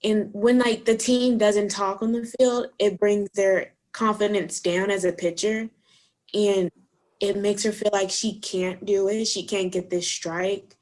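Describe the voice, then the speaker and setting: A young woman, a softball catcher, speaking with lots of likes and searching for words. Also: mid-range voice, steady tone, a little slow. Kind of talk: casual interview.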